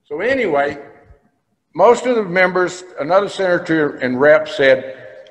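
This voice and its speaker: A man's voice: a little high, lively intonation, unhurried, a bit bright. An older man from Texas, a state senator, telling folksy stories in a speech to a business breakfast. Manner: folksy storytelling, plain-spoken. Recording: long hall reverb.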